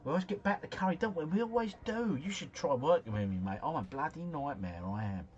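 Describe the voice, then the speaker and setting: A man's voice: on the high side, expressive, quick pace, a little mellow, lo-fi sound, a little hiss or hum. A man hosting a livestream, casually thinking aloud through quiz answers in a slangy, rambling way. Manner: chatty, musing aloud, slangy. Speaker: livestream host.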